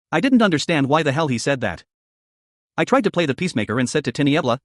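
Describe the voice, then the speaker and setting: A man's voice: on the high side, big pitch swings, fast, no echo, studio quality. A man narrating a personal story in a casual, conversational way, dropping "man" and swear words.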